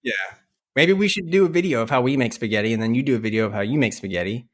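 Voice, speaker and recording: A man's voice: mid-range voice, rapid-fire. Playful enthusiastic male podcast host. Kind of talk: casual chat.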